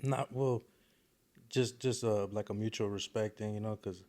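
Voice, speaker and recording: A young man talks in a relaxed, slang-heavy way. His voice sits somewhat low, with plenty of fillers like "you know what I'm saying" and quick laughs. It sounds like a loose, casual podcast chat. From East Palo Alto, California. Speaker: guest rapper.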